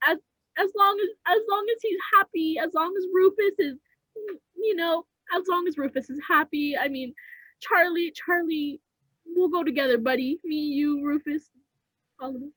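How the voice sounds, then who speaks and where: A young woman playing a very high, doting dog owner. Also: a bit bright, no echo, poor audio. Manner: halting, repeats words, gushing. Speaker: improv comedy performer.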